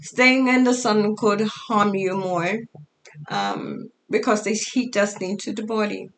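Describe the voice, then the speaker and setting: A middle-aged woman telling her own story in a halting, casual way, her speech altered so that it sounds foreign. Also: medium pitch, fairly even intonation, slight background noise. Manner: halting, with fillers and restarts. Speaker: storyteller sharing her life.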